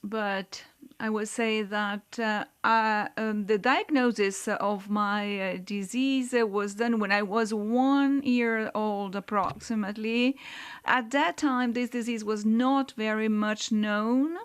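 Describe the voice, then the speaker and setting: A woman interpreting a speaker's words into English in the first person. She speaks haltingly, with many fillers and pauses. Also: mid-range voice, steady tone, clean tone. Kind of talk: simultaneous interpretation.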